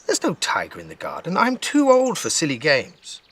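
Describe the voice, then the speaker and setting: A man's voice: fairly high pitch, moderate pace, husky, voice pushed up, heavily acted. A man doing a stubborn little girl. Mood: bored. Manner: flat, matter-of-fact, then insistent.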